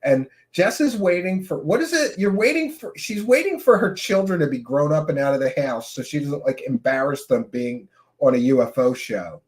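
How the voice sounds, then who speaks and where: Man, podcast host, casual chat, lively swinging pitch, animated storyteller. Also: normal speed, few pauses. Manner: animated, jumps into loud put-on quotes.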